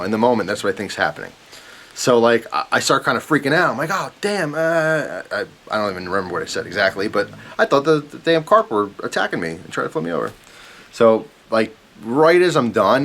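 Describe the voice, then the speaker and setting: A young man telling a rambling, animated story to camera, often chuckling as he goes. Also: lowish voice. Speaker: vlogger. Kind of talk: casual storytelling. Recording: faint hiss.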